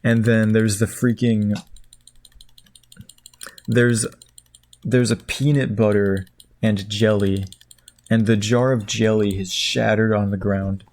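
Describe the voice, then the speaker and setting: A man rambling through the plot of a movie while clicking away, jumping into high squeaky voices for the characters. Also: vocal fry, darkish tone. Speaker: streamer. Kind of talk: casual chat while clicking.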